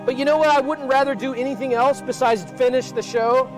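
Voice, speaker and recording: A man hosting an improvised comedy show, rambling to his chat and yelling in mock pain. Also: very high-pitched, fairly even intonation, a little fast, over music.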